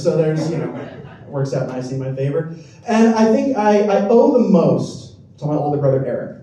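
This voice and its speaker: A young man with a high, mellow voice performs a rambling, self-deprecating stand-up set on a comedy club stage. The recording is roomy and distant, with audience laughter in the background.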